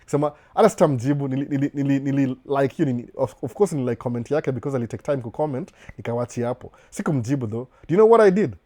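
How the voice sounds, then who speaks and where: A Kenyan man hosting a relaxed live Q&A from his den at home. He talks quickly, stumbling and restarting, and keeps asking if his listeners follow. His voice is mellow and warm. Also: mid-range voice. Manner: chatty, repeats and restarts, asks "unaona?". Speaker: live-stream host. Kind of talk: casual live Q&A chat, code-switching. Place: indoor home den with a couch.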